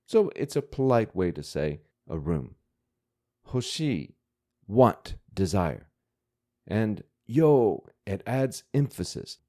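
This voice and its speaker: Patient and methodical, a male language teacher walks students through vocabulary and grammar without hurrying. His pitch shifts a great deal over a warm, low voice.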